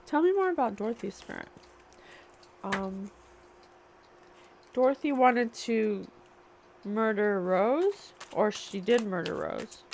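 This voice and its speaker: A woman's voice: medium pitch, lively intonation, slow pace, creaky, pauses often, darkish tone, slight background noise. A woman channeling a spiritual reading, musing and questioning aloud as she asks spirit for answers. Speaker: psychic reader.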